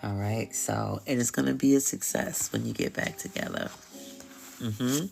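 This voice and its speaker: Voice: mid-range voice, normal speed, creaky, darkish tone, soft background music. A tarot reader hosting a live stream, talking casually and bluntly with slang, swearing and frequent laughs.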